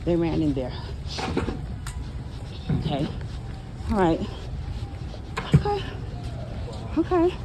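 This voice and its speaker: A public housing tenant with a low voice and huge swings in pitch talks slowly, with long pauses, in a casual phone vlog. Walking outdoors with a cane among the buildings, she sounds tired as she angrily goes over her complaints again and again against background noise.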